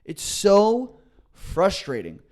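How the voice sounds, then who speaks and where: Rambling young comedian telling a story. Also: male voice, sits high, wildly swooping pitch, very slow, darkish tone. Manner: rambling storyteller who acts out what others said. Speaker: stand-up comedian and podcast co-host. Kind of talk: casual comedy podcast chat.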